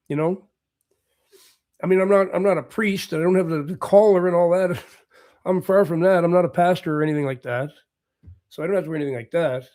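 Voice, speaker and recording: A man's voice: sits high, brisk, darkish tone. A man from Canada hosting a livestream, chatting casually with viewers' comments, rambling, repeating himself and chuckling often. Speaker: livestream host. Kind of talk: casual chat answering live comments.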